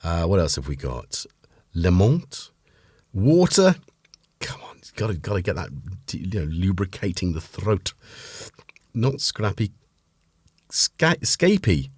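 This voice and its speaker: A man's voice: low voice, sing-song, takes it slowly, long pauses, a little mellow, breathy edge, no echo, studio quality. A man from North Wales with a North Welsh accent, hosting a casual livestream and chatting in a rambling way while reading out viewers' names. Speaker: host.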